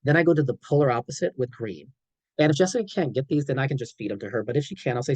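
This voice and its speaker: Animated male trainer, dry sound. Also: medium pitch, very fast, breathy edge, dry recording, low-quality recording. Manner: animated, frequent "okay?" check-ins, acts out examples. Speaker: clinician trainer. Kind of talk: training presentation.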